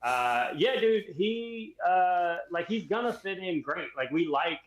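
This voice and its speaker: Louisiana guy rambling about stuff, kinda high voice, roomy muffled sound. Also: animated, a little slow. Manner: rambling, filler-heavy, mocking. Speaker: podcast guest. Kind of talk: casual chat. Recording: roomy, muffled remote audio.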